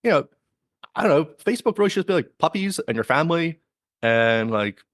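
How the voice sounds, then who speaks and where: A man's voice: on the high side, big pitch swings, fairly quick, no room sound, studio quality. A man co-hosting a podcast in casual chat, joking and acting out mock quotes. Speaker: podcast co-host.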